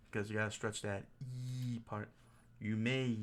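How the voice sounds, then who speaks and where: On a casual self-study stream, a man works through Japanese, reading words and their meanings aloud. He's jokey and thinks out loud, correcting himself as he goes. His voice is on the low side, level in tone and unhurried.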